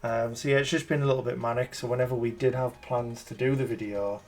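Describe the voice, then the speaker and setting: Male host, casual and rambling, mid pitch. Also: fairly even intonation, fast. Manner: chatty, self-deprecating, rambling with restarts. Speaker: channel host. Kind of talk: casual chat.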